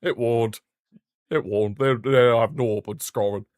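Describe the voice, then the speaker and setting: A man's voice: mid-range voice, fairly even intonation, unhurried, a little mellow, no echo. Male streamer, casual partisan football commentary, blunt trash talk, dry close mic. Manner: partisan, blunt, mocking the rival team. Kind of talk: casual live fan commentary.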